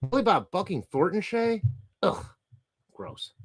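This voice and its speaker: A man's voice: high-pitched, very animated, unhurried. A middle-aged man hosting a livestream, reading chat comments aloud and ranting casually with profanity and frequent laughter.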